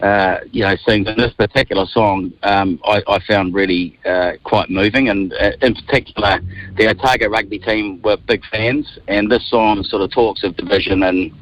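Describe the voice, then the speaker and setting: A New Zealand man around fifty, a radio guest telling lively stories from a moving car. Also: lowish voice, moderate pace, highs cut off, a little hiss or hum. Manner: animated storyteller, acts out quotes. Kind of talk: casual radio interview.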